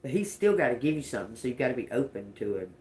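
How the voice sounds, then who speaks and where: A woman's voice: very deep voice, very animated, rapid-fire, noisy background. Blunt, profane woman reading tarot. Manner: blunt, profane and laughing, with folksy slang. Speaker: tarot reader. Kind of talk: live-streamed tarot reading.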